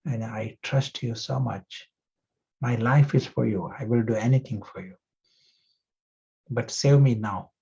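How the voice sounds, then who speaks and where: A man's voice: mid-range voice, unhurried, vocal fry, long pauses, mellow, slightly rough, muffled recording, exaggerated voice. A man voicing a desperate man hanging from a branch on a cliff, pleading and promising anything to be saved.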